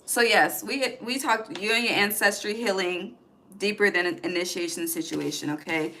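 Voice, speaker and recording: A woman's voice: mid-range voice, normal speed, bright, forceful tone. A woman giving a casual tarot reading, blunt and profane, often ending her points with "okay?". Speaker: tarot reader.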